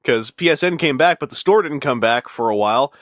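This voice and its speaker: A man's voice: mid-range voice, lively intonation, fairly quick, a bit bright, no echo. A man hosting a casual podcast chat, rambling and self-mocking with dry sarcasm. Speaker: podcast host.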